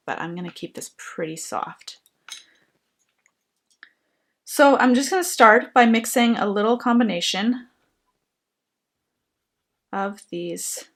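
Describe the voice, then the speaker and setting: A woman explaining a painting technique while she works, in a gentle, thoughtful way. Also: on the low side, gravelly. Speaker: painting instructor. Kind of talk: painting tutorial narration.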